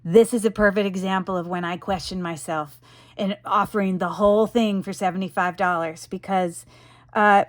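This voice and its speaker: A woman's voice: medium pitch, no room sound. Chatty woman showing off jewelry, dry sound. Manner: chatty, rambling, frequent ums and you-knows; enthusiastic selling tone. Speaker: jewelry seller presenting her wares. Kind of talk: casual product showcase.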